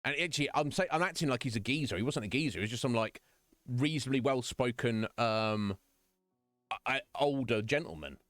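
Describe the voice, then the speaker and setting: A British man chats on his stream, rambling through stories in a lively voice that rises and falls a lot. His voice sits close and dry on the mic, with faint music underneath. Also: mid-range voice, brisk, no room sound. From Britain. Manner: rambling storytelling with quoted voices and laughs. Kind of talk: casual chat.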